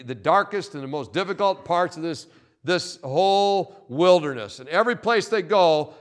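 A male pastor delivering a sermon in a storytelling manner, his voice sitting somewhat high for a man. He talks in an animated way, stacking repeated words and phrases for emphasis.

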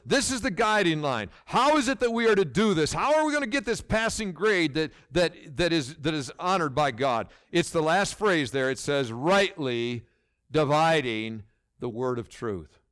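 Lively emphatic male preacher. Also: on the high side, clean tone. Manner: emphatic preacher, rhetorical questions, restarts. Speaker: pastor. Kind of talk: sermon.

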